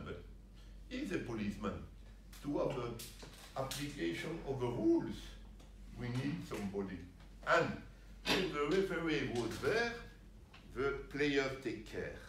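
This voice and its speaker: Older French man, lively roomy talk. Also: mid-range voice, measured pace, noisy background. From France. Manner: animated, emphatic, broken English, jokey asides. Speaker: guest speaker. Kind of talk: informal talk to referees. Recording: roomy sound from a distance, faint ambience.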